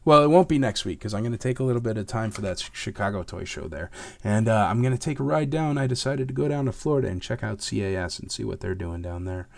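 Raspy-voiced man, low, dry sound. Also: lively intonation, fast, dry recording. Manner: rambling, many fillers, gets heated and emphatic about fakes. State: hoarse from illness. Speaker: host answering viewer questions. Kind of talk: casual chat.

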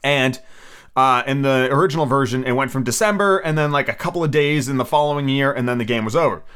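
A man reading a storybook aloud on his podcast and then chatting casually, excitable and swearing freely. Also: mid-range voice, quick pace, smooth. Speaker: podcast host and reader.

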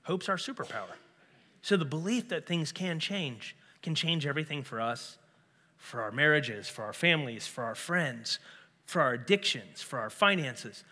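Man, pastor, sermon, bright forceful tone, slightly higher voice, throaty, long hall reverb. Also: lively intonation, normal speed. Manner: earnest, emphatic preaching with rhetorical asides. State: throaty, clearing his throat. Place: church sanctuary.

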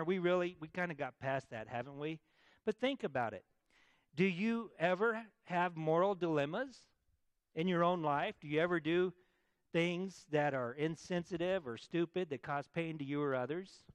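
High-voiced pastor preaching. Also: male voice, clean tone, dry recording. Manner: conversational preaching, asks the congregation to answer back. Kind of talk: sermon.

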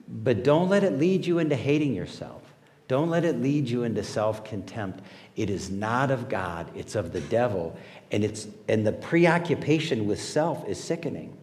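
A man preaching a sermon with animated delivery, swinging between loud emphasis and hushed asides. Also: medium pitch, big-room sound. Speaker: pastor.

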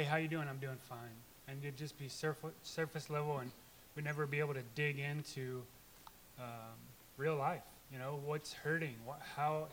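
A man's voice: medium pitch, a bit bright, slight background noise. A church member, a man, gives an earnest, informal testimony to the congregation, rambling with many restarts.

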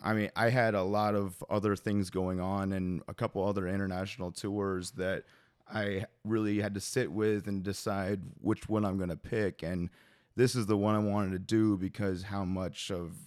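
A man's voice: low-pitched, little pitch movement, normal speed, a little mellow, no room sound, studio quality. A male drummer answering interview questions casually, hesitant and full of fillers and restarts. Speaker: drummer and percussionist.

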